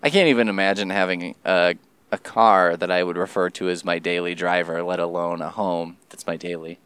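A man rambling casually in a solo podcast monologue, swearing and jumping his pitch for emphasis. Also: steady tone, fairly quick, a bit bright, smooth, no room sound.

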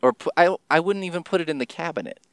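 A man rambling casually in a solo podcast monologue, swearing and jumping his pitch for emphasis. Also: fast, clear, resonant tone, dry recording.

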